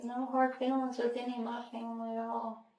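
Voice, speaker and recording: A woman answering a detective's questions, soft-spoken and halting, trailing off mid-sentence. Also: a little high, level tone. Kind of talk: recorded police interview. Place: interrogation room. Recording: roomy interrogation room audio from a distance.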